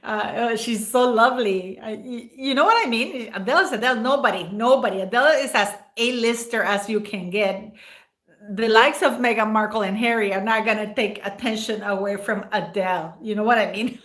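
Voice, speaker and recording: A woman with a fairly high, brisk, slightly bright voice hosts a casual livestream. She rambles emotionally while thanking viewers by name, at times close to tears.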